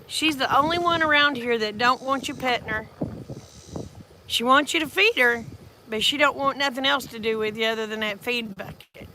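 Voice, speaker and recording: Folksy farm woman, gravelly. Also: a little high, moderate pace, bright, forceful tone, slight background noise. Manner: folksy, chatty, drawling. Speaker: farm vlogger. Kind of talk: casual storytelling.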